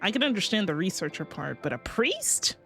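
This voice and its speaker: A woman's voice: mid-range voice, sing-song, a little fast, soft background music. Woman reading as a brusque female researcher. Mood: curious.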